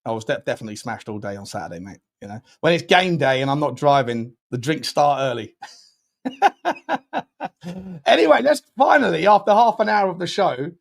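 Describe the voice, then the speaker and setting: A young man, hosting a casual live fan stream, rambling and chatty, with sudden loud bursts of excitement when he thanks viewers. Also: medium pitch, fast. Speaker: fan channel host.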